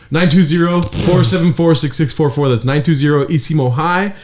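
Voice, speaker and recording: A man's voice: fairly high pitch, normal speed. A man with a Mexican-American accent hosting a casual podcast, joking, swearing often and reading out show plugs. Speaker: podcast host. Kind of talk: casual chat.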